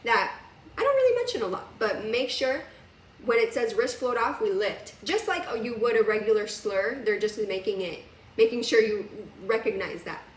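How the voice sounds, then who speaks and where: A woman's voice: a little high, animated, normal speed, recorded from a distance. Chatty woman piano teacher, roomy. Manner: casual, chatty, laughs often. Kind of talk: recorded music lesson. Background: piano playing.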